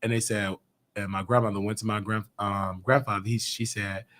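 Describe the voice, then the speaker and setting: A man's voice: lowish voice, normal speed. A man hosting a call-in live stream from his own show, telling stories in a loose, slangy way and acting out the other people's voices. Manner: animated storyteller, slangy, acts out quotes. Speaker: host of a YouTube talk show.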